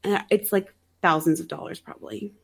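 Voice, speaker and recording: A woman's voice: fairly low pitch, a little fast, vocal fry, slightly rough. A woman sounding a little sick, co-hosting a podcast and recapping a movie in wry, chatty talk with frequent laughs. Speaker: podcast co-host. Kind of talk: casual chat recapping a movie.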